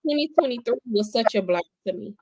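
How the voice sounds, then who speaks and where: A woman's voice: fairly high pitch, animated, a little fast, dark tone, no echo. A young adult woman speaking as a podcast guest, telling her personal story in a candid, conversational way and repeating phrases for emphasis.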